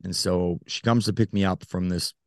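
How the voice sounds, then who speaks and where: Very deep-voiced man telling his story. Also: fairly even intonation, dry recording, clean studio sound. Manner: earnest, halting, with frequent fillers. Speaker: podcast guest. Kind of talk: personal storytelling in an interview.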